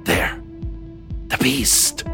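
A man voicing an ominous female ghost who speaks slowly and gravely. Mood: foreboding. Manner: slow, portentous delivery. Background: music.

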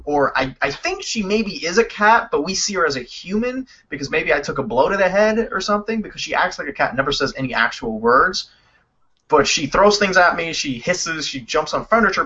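Male podcast co-host in his own voice, animated and swearing; bright, fairly high voice on muffled audio. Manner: animated, profane, quick storytelling. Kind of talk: casual chat about video games. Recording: dull lo-fi sound.

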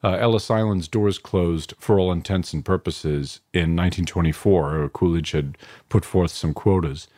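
A man from New York in his fifties, a filmmaker reflecting on his family in an interview, halting and restarting often. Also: sits low, mellow, no room sound, clean studio sound. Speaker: filmmaker guest. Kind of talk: interview answers.

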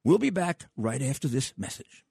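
A man's voice: medium pitch, very animated, moderate pace, creaky, warm tone, husky, dry recording. An older man hosting a talk radio show, speaking with emphatic, scornful repetition.

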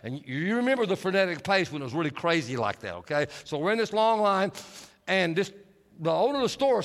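A man preaching a sermon, telling stories and shifting from hushed, slow passages to lively, animated stretches. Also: high voice. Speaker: pastor. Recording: long hall reverb.

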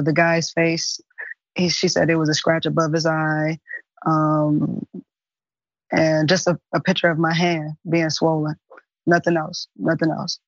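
Woman guest, monotone, halting with many ums, dull dry remote audio. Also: fairly low pitch, no echo. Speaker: interview guest. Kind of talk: casual interview answers.

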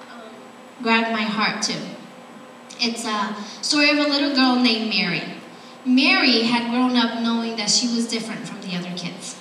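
High-voiced woman preaching in an echoey hall. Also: fairly bright tone, distant mic, slight background noise. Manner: earnest, heartfelt, conversational with fillers. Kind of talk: sermon.

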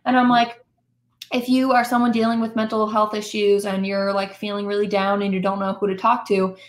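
A woman's voice: mid-range voice, little pitch movement, fairly quick. A woman, a musician talking candidly and self-deprecatingly as a podcast guest. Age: 20s. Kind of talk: casual interview chat. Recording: roomy echo.

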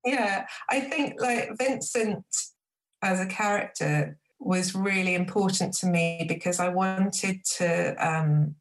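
A woman author reading aloud from her book and reflecting on it with soft fillers. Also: on the low side, slow pace, faint music behind, poor audio.

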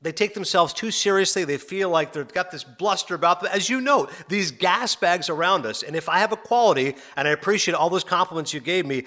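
Casting: middle-aged man, bright forceful voice, lively storyteller who laughs easily. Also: high-pitched, fairly quick, few pauses. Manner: animated storyteller, laughs often, acts out quotes. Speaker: sports broadcaster and podcast host. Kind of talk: casual interview chat.

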